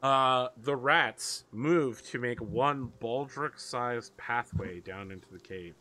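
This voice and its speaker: A man's voice: medium pitch, slow, pushed and bright. A man narrating as game master in a casual, joking way with some swearing. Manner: casual, swearing, laughs at own jokes.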